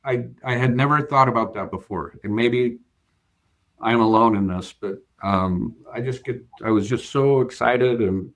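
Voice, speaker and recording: A man with a mid-range, fairly bright voice speaks unhurriedly as a guest, a bank CFO being interviewed. He earnestly recounts a work story, hesitating with frequent fillers and repeated restarts.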